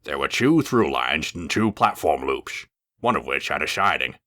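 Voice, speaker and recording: Deep voiced guy reading a kids story, bright and lively. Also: normal speed. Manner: lively, expressive narration.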